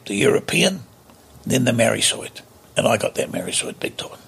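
A man's voice: medium pitch, big pitch swings, normal speed, creaky, a bit bright, slight background noise. An older man, telling stories bluntly and emphatically as a podcast guest. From New Zealand. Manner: blunt, emphatic, repeats himself. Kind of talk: casual interview storytelling.

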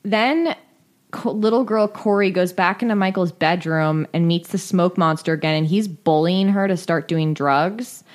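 A woman's voice: on the low side, moderate pace. Woman casually recapping, swearing freely. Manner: profane, storytelling with quoted voices. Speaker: podcast co-host. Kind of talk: casual chat recapping a cartoon.

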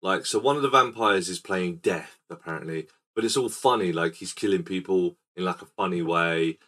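A man's voice: low-pitched, moderate pace, a bit bright. A man hosting a casual film podcast, rambling and quizzical as he recaps a scene. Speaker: podcast host. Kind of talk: casual film-review chat.

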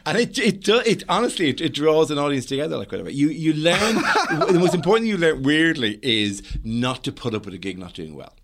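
A man's voice: a little high, fast, few pauses, slightly rough. A man, a stand-up comedian chatting casually and acting out stories from the stage. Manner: animated storyteller, acts out quotes and punches. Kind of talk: casual anecdotal chat.

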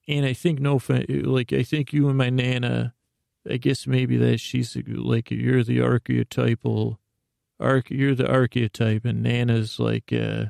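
A man's voice: mid-range voice, flat delivery, a little slow, creaky, darkish tone, no room sound, clean studio sound. A man hosting a podcast, rambling through a self-deprecating improvised comic monologue full of restarts. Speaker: podcast host.

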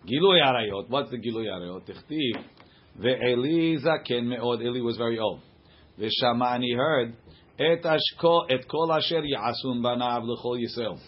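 Husky male teacher leading a class. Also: medium pitch, measured pace. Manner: conversational, translating passages line by line. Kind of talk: informal text-study class. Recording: dull lo-fi recording.

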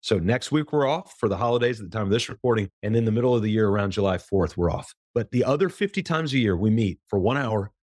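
A low-voiced man with a slightly husky edge, talking earnestly as a podcast guest. He leans into his points with emphasis and slips into quick bits of quoted dialogue. The sound is dry and close, with no room around it. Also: expressive, a little mellow, no echo. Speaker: podcast guest, business coach. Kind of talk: conversational interview answer.

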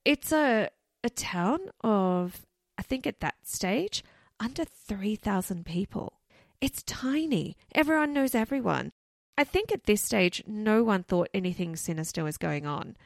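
A woman's voice: medium pitch, expressive, unhurried, creaky, dry recording, clean studio sound. A woman co-hosting a podcast, telling a case in a chatty, loose way full of asides. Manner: chatty, loose, many "you know" and "like" asides. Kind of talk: casual storytelling chat.

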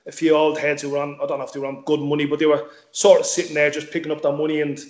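Fast-talking man, echoey room. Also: a little high, flat delivery, a little mellow. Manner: chatty, repeats words, swears casually. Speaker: former footballer, guest. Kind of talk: casual interview chat.

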